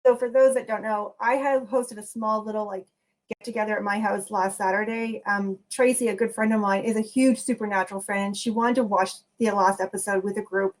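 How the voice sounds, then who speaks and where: A woman's voice: medium pitch, steady tone, brisk. A woman hosting a podcast, telling stories in a chatty way with many restarts. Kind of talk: casual podcast chat.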